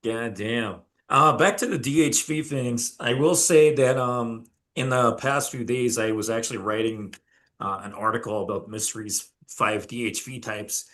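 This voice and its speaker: A man with a bright, sharp voice chats casually as a guest on a dating-coach panel. He talks loosely, swears freely and fills his pauses with "uh" and "um". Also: medium pitch. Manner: loose, swears, hesitant fillers.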